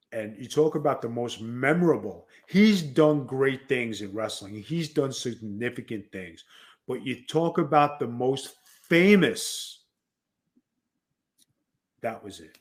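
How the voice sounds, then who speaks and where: A former wrestler with a New York accent hosts a wrestling podcast, speaking slowly at a medium pitch. He's an animated storyteller in casual chat, acting out the people he quotes.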